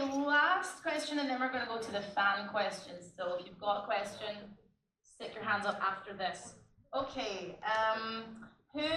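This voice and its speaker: A British woman moderating a convention panel, upbeat and quick to laugh. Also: medium pitch, pushed and bright, recorded from a distance, a little hiss or hum. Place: large convention hall. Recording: echoey hall recorded from the audience.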